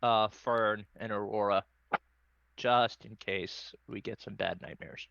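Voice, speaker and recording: Male player, bright, rambling and self-deprecating, dry and somewhat dull recording. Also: on the low side, steady tone, slow, vocal fry, dry recording. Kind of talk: casual tabletop role-play.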